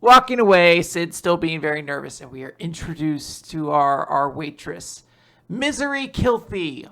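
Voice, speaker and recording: A man casually recapping a manga chapter on a podcast, acting out characters' lines in quick put-on voices. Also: a little high, very animated, vocal fry, a bit bright. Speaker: podcast co-host.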